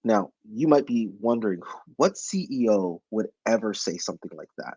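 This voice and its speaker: A man presents to an online audience in a slightly husky voice, pressing his points with emphasis. He keeps turning to rhetorical questions. His voice sounds close and dry, with no room around it. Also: on the low side, expressive, moderate pace, few pauses, darkish tone, no room sound, lo-fi sound. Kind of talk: motivational webinar talk.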